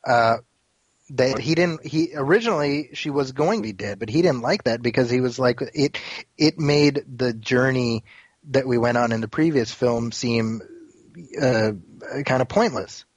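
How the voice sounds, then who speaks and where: A man speaking as a podcast guest in casual chat, thoughtful and measured, repeating words as he thinks. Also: medium pitch, no room sound.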